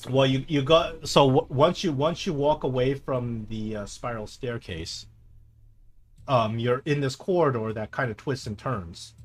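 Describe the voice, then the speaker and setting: A man narrating a tabletop game as game master, describing scenes in a halting way and often repeating words. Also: medium pitch, soft background music.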